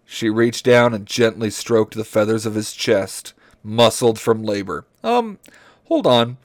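A man co-hosting a comedy podcast, reading a story aloud in a deadpan way and stopping to comment on the text. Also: lowish voice, measured pace, dry recording, studio quality. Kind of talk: comedic read-aloud with banter.

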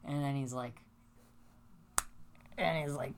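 Woman co-host with a low voice and a worked-up, swear-heavy recap style for casual podcast chat. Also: slow pace, pauses often, slight background noise. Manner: animated, profane storytelling with dramatic reenactments.

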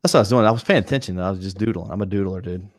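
A man with a very deep voice, co-hosting a laid-back podcast. He rambles, trips over his words and fills gaps with "like" and "you know". The sound is dry and close, with no room echo. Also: rapid-fire. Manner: rambling, lots of fillers and restarts. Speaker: podcast co-host, streamer. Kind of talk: casual podcast chat. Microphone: video call.

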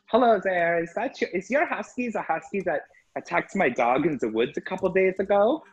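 A man voicing a nosy, pushy woman dog owner who talks bluntly, in a higher sing-song voice. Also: lively intonation, normal speed, breathy edge, highs cut off, full character voice. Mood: prying.

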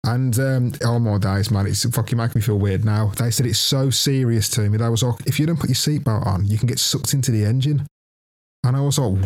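A young man, co-hosting a podcast and telling a story in casual, animated chat, swearing freely. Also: mid-range voice, brisk. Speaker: podcast co-host.

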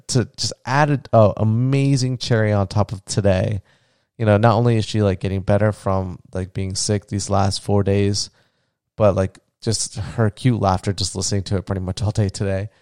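A man talks through his day on a casual solo podcast, with fillers and restarts and a lot of tenderness. His voice is low-pitched and gravelly yet smooth and resonant. The recording is dry and close, with no room sound. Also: darkish tone, no room sound. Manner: rambling, heartfelt, gets emotional; many fillers and restarts, tender when talking about his child. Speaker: podcast host.

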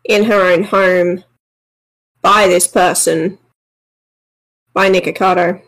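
A woman's voice: mid-range voice, low-quality recording. A woman co-hosting a casual commentary podcast in a mid-range voice. She gives blunt, dismissive opinions in a plain conversational way. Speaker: podcast co-host.

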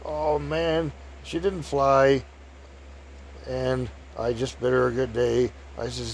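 A man's voice: medium pitch, little pitch movement, slow, slight background noise. A middle-aged man telling a rambling, folksy story in a casual way.

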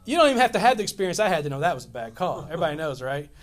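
Over soft background music, a Louisiana pastor in his fifties preaches very fast in a fairly high voice. His storytelling is animated and rambling, with many restarts.

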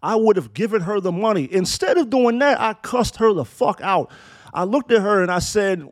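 A man's voice: high-pitched, lively intonation, normal speed, no room sound. A man in his thirties giving a blunt, profane opinion monologue and telling a story from his own life. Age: 30s. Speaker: commentator.

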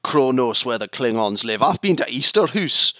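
A man's voice: medium pitch, big pitch swings, moderate pace, background noise, natural voice. A man voicing an aggressive, swearing Glaswegian male starship engineer in a put-on Glaswegian accent. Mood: defiant.

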